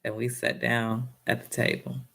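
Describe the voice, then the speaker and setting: A woman's voice: rumbling low, monotone, normal speed, vocal fry, fairly bright tone. A woman giving a casual motivational talk and telling a personal story, speaking in a down-home way and often addressing her listeners directly.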